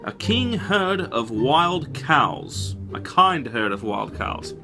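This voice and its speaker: A man's voice: mid-range voice, animated, measured pace, over music, natural voice. A man reading a game manual story aloud in a put-on British accent, with a theatrical, swooping storybook delivery. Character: male storybook narrator with mock British accent.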